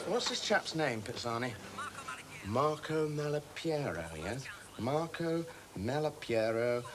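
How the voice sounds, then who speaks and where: Actor doing a manic mischievous madman, mocking, clowning, audience asides, mid-pitched voice, noisy old TV recording. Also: lightly acted. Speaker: stage actor. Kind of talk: comic stage acting with audience asides. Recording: noisy 1980s TV broadcast recording.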